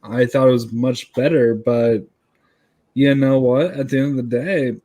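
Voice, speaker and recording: A man's voice: medium pitch, steady tone, a little slow, dark tone. A man in a casual podcast discussion, blunt and opinionated, swearing casually. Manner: blunt, offers hot takes, swears casually.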